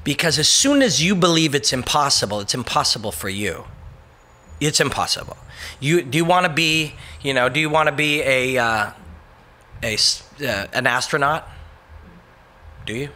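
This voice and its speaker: A male host talks through a casual motivational monologue in a bright, forceful voice. He rambles and swears often and stays emphatic throughout. His pitch is average for a man. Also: lively intonation, normal speed, long pauses. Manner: breaks into brief mocking voices for quotes.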